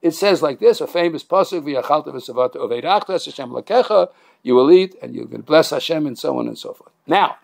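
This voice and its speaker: High, gravelly-voiced joking rabbi. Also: male voice, brisk. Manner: joking, animated, many restarts and fillers. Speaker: rabbi teaching a class. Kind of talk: Torah class lecture with humor.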